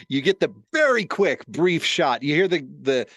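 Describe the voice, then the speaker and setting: A man who works in radio, chatting as a podcast guest, animated and quick to laugh while acting out quotes. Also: fairly high pitch, no room sound. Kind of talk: casual chat.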